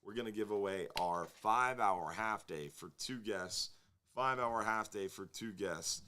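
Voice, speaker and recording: Man, low-ish voice, easygoing live-show host, rambling and jokey. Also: a little slow, bright, forceful tone. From Florida. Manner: laid-back, rambling, joking with viewers. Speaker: fishing charter captain hosting a live show. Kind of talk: casual live-stream chat.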